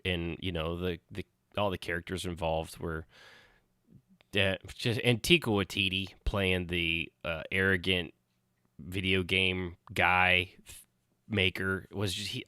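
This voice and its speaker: A man's voice: low-pitched, pushed and bright, clear, resonant tone, no room sound, clean studio sound. A man hosting a podcast in casual chat, rambling and swearing freely. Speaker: podcast host.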